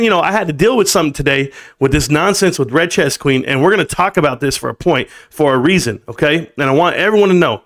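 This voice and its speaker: A man hosting his own live stream, ranting casually in an animated, blunt way. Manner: animated and blunt, pitch jumping up with emphasis. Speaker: livestream host.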